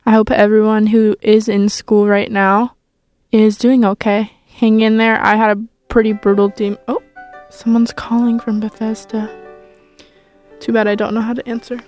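A woman's voice: on the high side, flat delivery, moderate pace, darkish tone, soft background music. A young woman in her twenties hosting a college radio show, chatting casually and self-consciously, with lots of rambling and fillers. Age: 20s. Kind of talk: casual on-air chat.

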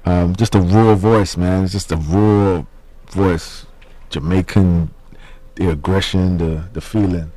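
A man, a musician guest on a radio show, talking about his influences in a relaxed, hesitant way. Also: deep voice, takes it slowly, dry recording. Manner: relaxed, hesitant, many fillers. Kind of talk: casual radio interview.

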